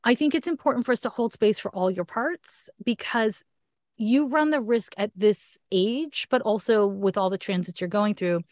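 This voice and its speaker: A woman's voice: medium pitch, normal speed, darkish tone, dry recording, studio quality. A woman with a Canadian accent giving a frank, chatty astrology reading in a casual one-on-one talk. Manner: chatty, frank, laughs often.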